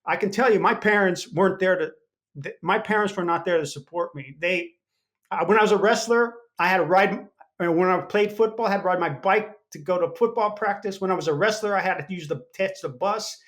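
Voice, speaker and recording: A man's voice: high voice, fairly quick. An older man, a former Navy SEAL, telling stories from his life as an interview guest and acting out the people he quotes. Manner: animated storyteller acting out quoted voices. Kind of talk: storytelling in an interview.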